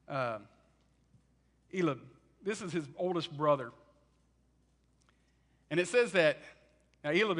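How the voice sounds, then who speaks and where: A man preaching a sermon, telling the story in an animated way and acting out what people say. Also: high-pitched.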